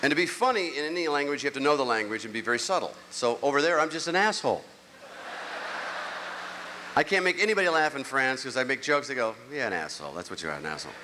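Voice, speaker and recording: Speaking fast in a voice on the high side, the man sounds expressive against a noisy background. He's middle-aged, doing stand-up on stage at a large live venue, rambling through self-mocking tales and acting them out. Long hall reverb colors the live show audio.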